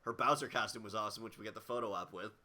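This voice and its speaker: Hoarse, bright-voiced man rambling. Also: fairly low pitch, fairly even intonation, rapid-fire. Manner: rambling, lots of fillers and restarts. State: hoarse, strained throat. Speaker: podcast co-host. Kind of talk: casual chat.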